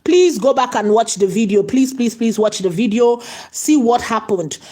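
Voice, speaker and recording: A woman's voice: fairly high pitch, moderate pace, warm tone. A woman hosting a live tutorial, chatty and repetitive, full of "you know" and "okay" fillers.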